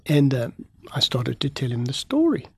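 A man, a pastor from Africa, telling a story in an animated way and acting out the dialogue. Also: mid-range voice, moderate pace, slightly rough, no echo. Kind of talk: storytelling testimony in an interview.

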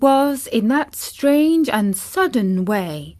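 A woman storyteller reading a children's chapter book aloud in a gentle, measured way. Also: mid-range voice, lively intonation.

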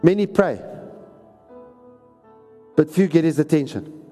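A man's voice: fairly high pitch, takes it slowly, dark tone, soft background music. A man preaching a sermon, exhorting and repeating lines for emphasis. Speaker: pastor. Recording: reverberant hall recording.

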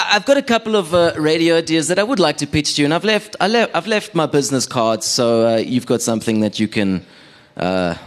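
A young South African man performing a self-deprecating stand-up set, chatting with the audience from a live stage. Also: mid-range voice. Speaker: stand-up comedian and radio producer.

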